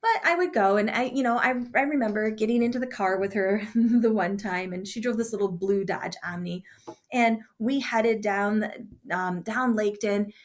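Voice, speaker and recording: A woman's voice: mid-range voice, steady tone, normal speed. A woman teacher giving a classroom writing lesson and telling a chatty story from her own childhood. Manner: chatty storyteller with warm asides.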